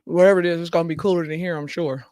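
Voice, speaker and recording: Brief: higher-pitched male host, chatty, laughs a lot, reads comments to the camera. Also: steady tone, racing, darkish tone, no room sound. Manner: chatty, laughs often, talks to viewers directly. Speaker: show host. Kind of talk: casual chat, reading viewer comments aloud.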